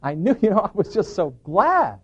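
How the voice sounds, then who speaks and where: A man's voice: high-pitched, sing-song, normal speed, slightly rough, highs cut off. A middle-aged man telling a personal testimony to an audience as an earnest storyteller who acts out the dialogue he quotes. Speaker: preacher giving a personal testimony.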